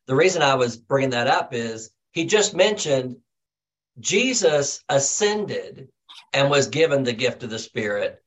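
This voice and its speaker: A man's voice: mid-range voice, expressive, measured pace, lo-fi sound. A man taking part in a group Bible study, earnest and thoughtful, with hesitant starts before his questions. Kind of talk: asking questions in a group discussion.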